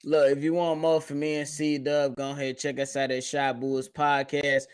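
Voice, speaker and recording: Blunt profane podcast co-host. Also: male voice, fairly high pitch, monotone, normal speed, clear, resonant tone. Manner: blunt, profane one-liners. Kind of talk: casual sports podcast banter.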